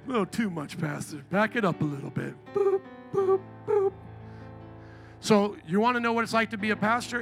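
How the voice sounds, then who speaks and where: A middle-aged pastor preaching in church, full of playful, animated storytelling. His voice sits high and sounds bright and gravelly. Soft instrumental music runs faintly beneath the sermon. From Indiana.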